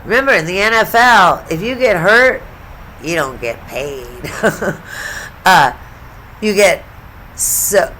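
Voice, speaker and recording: A woman's voice: fairly low pitch, a bit bright, a little hiss or hum. Chatty, blunt middle-aged woman vlogger. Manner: chatty, blunt and profane, with asides. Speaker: sports vlogger. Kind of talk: casual storytelling vlog.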